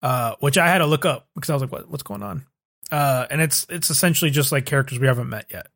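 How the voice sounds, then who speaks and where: A man's voice: mid-range voice, very fast, a bit bright. A young man hosting a podcast, recapping in a loose, profane, casual chat full of fillers. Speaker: podcast host.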